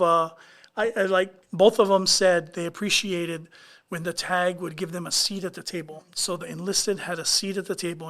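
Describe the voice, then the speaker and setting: A man's voice: sits high, a bit bright. A man co-hosting a casual talk show, chatty and given to trailing restarts. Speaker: co-host. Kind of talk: casual podcast chat.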